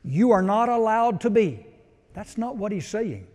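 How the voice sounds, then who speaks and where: A male pastor delivers a sermon in a slow, unhurried cadence, his voice mellow and warm. He preaches emphatically, building to loud declarations and sinking back down. The sound rings with the long reverb of a large church hall. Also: high voice, animated. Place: church sanctuary.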